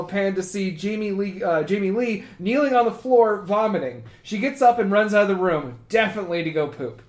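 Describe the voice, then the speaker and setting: A man reading a comedy screenplay aloud as a podcast co-host, halting and filling pauses with uh. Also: high-pitched. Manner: halting, with frequent uh fillers. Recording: echoey room.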